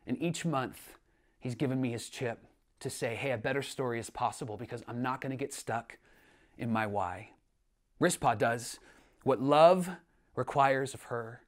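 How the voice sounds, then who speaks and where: A man preaching a sermon as pastor, earnest, swinging between emphatic lines and hushed ones. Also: mid-range voice. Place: church online service.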